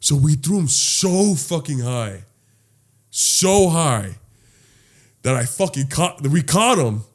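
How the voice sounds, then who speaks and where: A man co-hosting a podcast, telling a story in casual chat, animated and laughing, swearing freely. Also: fairly high pitch, slow. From Los Angeles. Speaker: podcast co-host.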